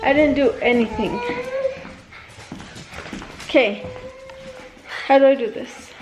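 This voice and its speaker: A woman's voice: sits high, takes it slowly, faint music behind, low-quality recording. A young woman vlogging her morning at home, chatting to viewers and telling her toddler what to do. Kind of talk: casual vlog talk to camera. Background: dogs.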